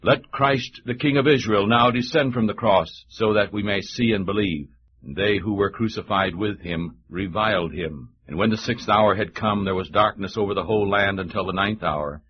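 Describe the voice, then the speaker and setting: A man reading a long scripture passage aloud in a measured, solemn way for a church radio broadcast. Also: on the low side, highs cut off, slight background noise. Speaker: scripture reader.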